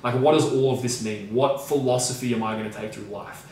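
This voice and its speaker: A man's voice: mid-range voice, fairly even intonation, brisk, a little mellow. A man co-hosting a podcast as a coach, talking emphatically with frequent swearing and repeated phrases. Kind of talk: casual podcast discussion. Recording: very echoey room, mic at a distance, faint noise.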